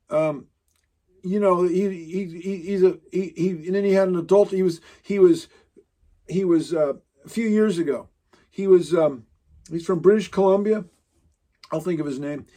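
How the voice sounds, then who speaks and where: A man preaching a sermon, talking in an emphatic, rambling way with frequent restarts. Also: high voice. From Pacific Northwest, United States.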